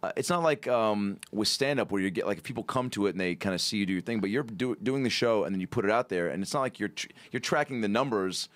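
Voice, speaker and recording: A man's voice: fairly low pitch, fast, few pauses, no room sound. A man co-hosting a podcast, joining in with loose, laughing banter. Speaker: podcast host. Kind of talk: casual podcast chat.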